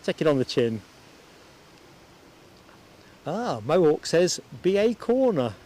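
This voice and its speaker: A man's voice: fairly high pitch, very animated, slow pace, a little mellow. A man from the United Kingdom hosting a live stream outdoors at an airport, chatting casually, laughing easily and greeting viewers by name.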